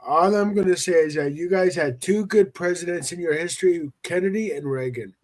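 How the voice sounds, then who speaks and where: Guy on a stream call, kinda hesitant, laid back, a bit high voice. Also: fairly quick, a little mellow. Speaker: guest on a livestream call. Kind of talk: casual chat.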